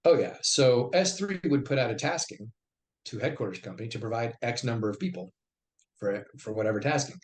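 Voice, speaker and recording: Brief: middle-aged veteran man, mid-pitched voice, conversational yarn-spinner who acts out the quotes. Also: fairly quick, slight background noise. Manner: acts out quoted dialogue in lively bursts. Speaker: podcast guest, army veteran. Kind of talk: conversational storytelling.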